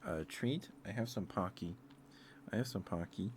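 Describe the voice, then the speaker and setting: Low-voiced man rambling softly for ASMR. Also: normal speed, noisy background. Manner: rambling, hesitant, many fillers; tender, easily moved. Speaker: ASMR streamer. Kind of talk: soft-spoken ASMR ramble.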